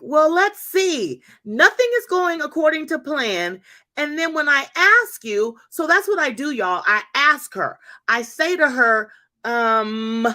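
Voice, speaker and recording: Woman in her fifties, church speaker and host, high and very animated, speaks straight to the crowd. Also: a little slow. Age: 50s. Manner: lively, talks straight to the audience. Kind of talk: animated testimony to a congregation.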